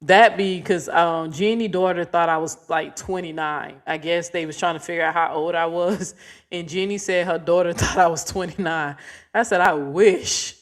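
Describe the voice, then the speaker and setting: A woman's voice: fairly low pitch, steady tone, normal speed. A woman in her forties, hosting a casual livestream, chatting with viewers and playfully coaxing her dog. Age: 40s. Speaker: livestream host.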